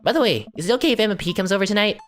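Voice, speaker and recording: A bright, chirpy teenage girl from a dating-sim playthrough, cheerful and upbeat, as a man puts her on. The voice is raised noticeably higher than an everyday one and bounces along, with faint music behind it. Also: lively intonation, rapid-fire. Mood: cheery. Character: bubbly teenage daughter, upbeat and wholesome.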